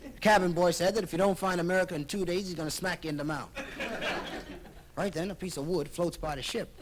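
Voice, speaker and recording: A man's voice: sits high, fairly even intonation, fast. A man doing stand-up comedy, telling a story and switching animatedly between voices, on a crackly vinyl live album.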